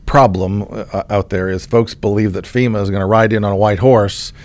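A middle-aged man from Oklahoma hosts a conversation as the state insurance commissioner and tells a story in a relaxed way, often restarting his sentences. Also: on the low side, moderate pace. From Oklahoma, USA. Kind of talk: casual conversational interview.

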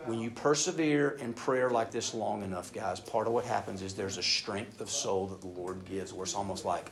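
A man preaching a sermon. He reads scripture aloud, then speaks directly to the congregation, moving between loud emphasis and hushed asides. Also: lowish voice, moderate pace, gravelly, few pauses. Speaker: pastor.

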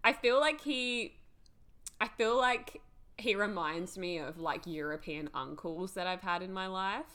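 A woman co-hosting a casual recap podcast, animated and full of hesitant fillers. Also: mid-range voice, a little slow. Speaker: podcast co-host.

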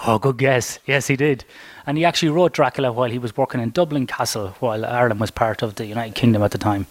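A man's voice: mid-range voice, fast, no echo. Australian man hosting a podcast. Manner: chatty, curious questioning. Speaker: podcast host. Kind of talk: podcast interview.

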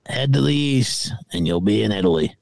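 Casual podcast co-host, male, from the United States, animated pitch, dry close sound, playful banter. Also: normal speed, gravelly, dry recording. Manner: joking, self-mocking banter. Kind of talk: casual chat.

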